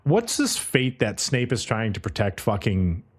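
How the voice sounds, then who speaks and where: A man's voice: fairly low pitch, huge pitch swings, a little slow, slightly rough. A young man co-hosting a casual podcast, recapping an episode with swearing and jokes. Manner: profane, joking recap of an anime episode. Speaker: podcast co-host.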